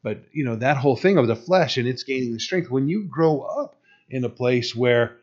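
A man's voice: medium pitch, animated, moderate pace, highs cut off. A man preaching a sermon in a conversational way, often saying "you know" and restarting his sentences. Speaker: pastor.

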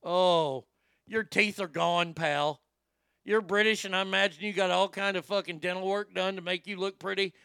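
Gravelly, bright-voiced man ranting brashly. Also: sits high, steady tone, normal speed, no room sound, clean studio sound. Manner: brash, swaggering, heavy swearing. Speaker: commentary show host. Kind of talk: profane comedic rant.

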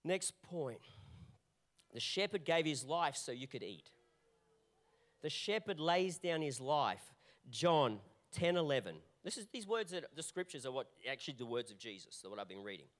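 A male pastor delivering a sermon in an animated, repetitive preaching manner, often restarting his phrases. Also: fairly high pitch, moderate pace.

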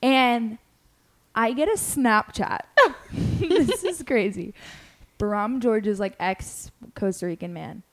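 A young woman hosting a podcast, telling a story in casual chat, animated and full of "like" fillers as she acts out what people said. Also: fairly high pitch, slow, long pauses. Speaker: podcast host.

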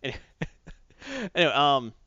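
A man chatting through a comic book plot with a lively, swooping delivery, slipping into voices for the characters. The recording is dry and a little dull, with no room sound. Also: fairly high pitch, no room sound. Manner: animated, jumps into quick character voices while retelling. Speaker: comic book podcast host. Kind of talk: casual comic recap chat.

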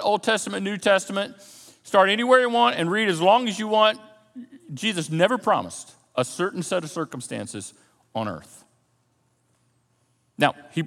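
A man's voice: a little high, fairly bright tone, in a large hall. A man preaching a sermon as a pastor, talking conversationally with repetitions and asides to the congregation. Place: church sanctuary.

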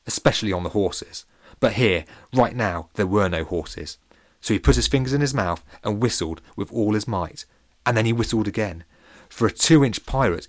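A man's voice: on the low side, no echo, clean studio sound. A man narrating a children's story in a playful, wry way.

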